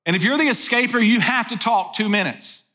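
Pastor, male, high bright voice, chatty sermon delivery full of rhetorical questions. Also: fairly quick. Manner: conversational, asks rhetorical questions.

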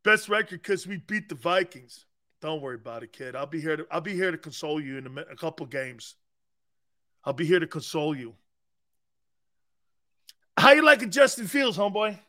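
A man's voice: fairly high pitch, lively intonation, fairly quick, pushed and bright. A middle-aged man hosting a sports talk show, chatting casually, joking and laughing often with rambling asides. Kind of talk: casual sports radio banter.

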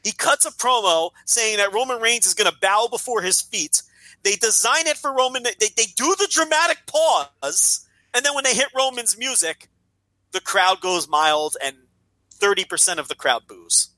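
Exasperated man in dry, bright close-up. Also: high voice, lively intonation, moderate pace, dry recording, rough recording. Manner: exasperated, sarcastic, profane. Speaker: wrestling podcast co-host. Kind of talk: casual ranting chat.

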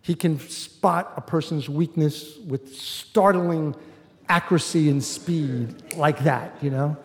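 On a large hall's stage, a middle-aged man recounts a personal story to an audience at a slow pace, his voice a little high. He talks in an easygoing way, often tossing in "you know." Roomy reverb from the hall colors the recording.

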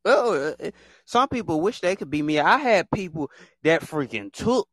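A man hosts a casual, rambling monologue. His voice sits a little high and swings widely as he repeats phrases and mimics other people. The sound is dry and close, with no room echo. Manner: animated, repetitive, acts out other people in quick put-on voices. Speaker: podcast host.

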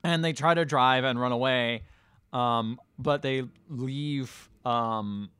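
Smooth-voiced man rambling through a plot. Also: mid-range voice, fairly bright tone, dry recording. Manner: rambling retelling with filler words, quick acted quotes. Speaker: podcast co-host. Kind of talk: casual chat recapping a movie.

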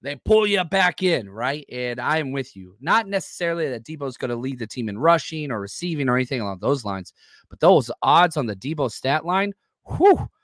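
A man's voice: mid-range voice, fairly bright tone, no echo, clean studio sound. A man hosting a live sports podcast, talking loosely and energetically while reading chat comments aloud. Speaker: podcast host.

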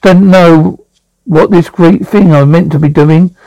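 A man voicing a conceited, excitable young man who boasts of being president of the galaxy. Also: measured pace, vocal fry, no echo, poor audio. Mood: ranting. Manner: boastful, excitable, jumpy pitch.

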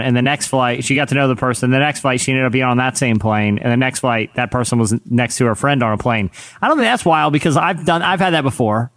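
A man's voice: medium pitch, dry recording. A man co-hosting a podcast in casual chat, rambling and self-deprecating, laughing mid-sentence. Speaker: podcast co-host.

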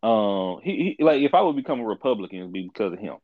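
Animated young man telling a story. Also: fairly low pitch, fast talker, no room sound, phone-quality sound. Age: 20s. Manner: animated storytelling, acts out quoted people. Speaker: podcast co-host. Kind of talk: casual chat.

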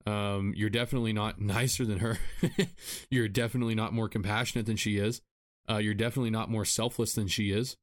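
A man hosting a solo podcast, talking earnestly in a repetitive, self-deprecating way and sounding tired after a rough week. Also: on the low side, level tone, a little fast. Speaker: podcast host. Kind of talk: solo podcast advice monologue.

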